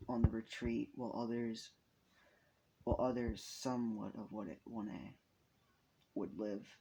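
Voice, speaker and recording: Young man, mellow fry-heavy voice, profane improvised storyteller. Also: fairly low pitch, a little hiss or hum. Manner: rambling, profane, frequent restarts. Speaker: fan storyteller. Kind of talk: improvised fan story narration.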